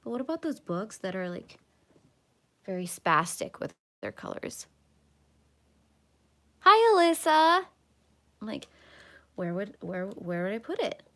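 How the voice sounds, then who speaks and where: A woman's voice: fairly low pitch, lively intonation, normal speed, fairly bright tone. A young adult woman hosting a casual coloring livestream, chatting in a rambling, self-mocking way with lots of repeats. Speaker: livestream host.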